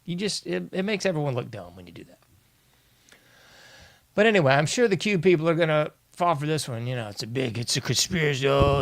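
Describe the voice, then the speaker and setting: A man's voice: mid-range voice, clean tone, no room sound, clean studio sound. A male host giving an exasperated, ranting political commentary monologue, often addressing his listeners as "folks".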